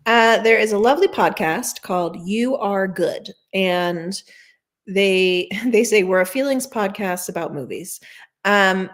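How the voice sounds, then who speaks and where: A woman novelist talking about her debut book in a casual interview, chatty and self-deprecating, often jumping high when quoting her own thoughts.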